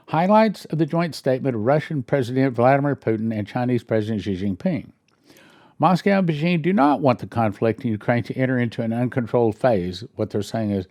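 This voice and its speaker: A church minister reading news headlines aloud and breaking in with wry, sarcastic asides and questions he thinks through out loud. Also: medium pitch, lively intonation, fairly quick, no echo, clean studio sound.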